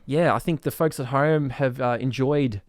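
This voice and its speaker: A man's voice: mid-range voice, normal speed, no room sound, clean studio sound. A male podcast host who chats casually and hesitantly, with frequent fillers. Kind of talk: casual chat.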